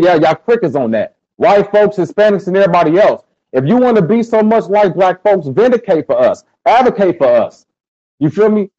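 A man ranting to his live viewers, heated and profane. His voice is mellow and dark, pitched a little high for a man, and the sound is dull and lo-fi. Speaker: live stream host. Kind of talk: casual commentary to a live audience.

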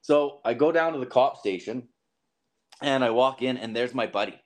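A young man tells a story as a podcast guest. He talks casually and with lots of life. He jumps up in pitch whenever he acts out a line someone said. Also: normal speed. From southern Alberta, Canada. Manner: animated, acts out quoted lines with big pitch jumps.

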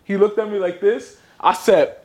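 A young man on a casual podcast, laid-back and quick with banter. His voice is notably high, and faint noise hums under the recording. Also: steady tone. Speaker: podcast co-host. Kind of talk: casual chat.

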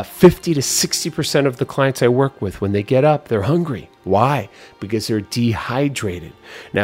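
A man hosting a health show, coaching listeners with energetic motivational talk and leading them through repeated affirmations. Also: on the low side.

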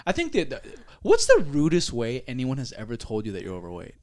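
A young man co-hosting a podcast, telling stories in an animated, swearing way and acting out other people's voices. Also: mid-range voice, a little fast. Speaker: podcast co-host. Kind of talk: casual chat.

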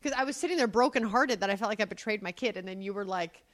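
A woman, a mother and co-host, chats casually with her partner, telling stories candidly and animatedly with some swearing. Her voice is medium-pitched and fast, with no room sound.

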